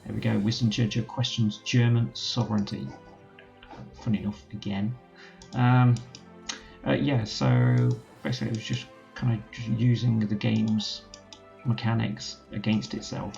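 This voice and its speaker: A man's voice: lowish voice, vocal fry, a little mellow, highs cut off. A man commentating a strategy game let's play, thinking aloud as he gives orders to his units. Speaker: gaming channel host.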